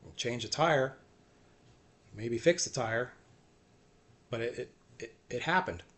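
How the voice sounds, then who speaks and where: A man giving an earnest, self-encouraging faith talk, repeating short phrases and often trailing off softly. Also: medium pitch, slow. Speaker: faith vlogger. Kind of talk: personal faith talk to camera.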